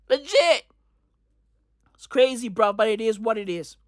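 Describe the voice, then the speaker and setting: A woman's voice: on the high side, lively intonation, a little slow, pauses often, dry recording, clean studio sound. Profane rambling woman in a comedic rant. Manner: repeats filler tags.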